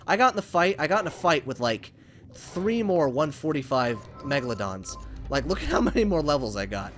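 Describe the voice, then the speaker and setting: Young male gaming host, rambling and excitable, close USB condenser mic, quite animated, slightly high voice. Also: brisk, faint music behind. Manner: excitable, rambling, talks to viewers and to the creature. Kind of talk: casual gameplay commentary. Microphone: USB condenser microphone.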